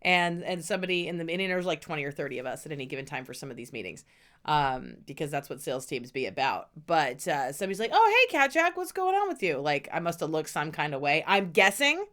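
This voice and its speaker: A woman's voice: low-pitched, fast talker, a bit bright. A middle-aged woman co-hosting a podcast, ranting about what bugs her. Her talk is blunt and full of swearing. She lays it on with mock outrage. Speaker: podcast co-host. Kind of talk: casual ranting chat.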